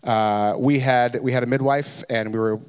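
A man's voice: mid-range voice, fairly even intonation, normal speed, clean tone. A man, a pastor in his thirties, telling a candid, self-deprecating personal story as a sermon, with frequent restarts. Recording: long hall reverb.

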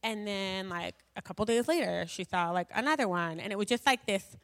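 A woman's voice: medium pitch, fairly quick, studio quality. Chatty woman in a reverberant hall. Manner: rambling and chatty, full of "like" and "um"; self-deprecating. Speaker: speaker sharing a personal testimony. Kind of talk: personal faith testimony to an audience.

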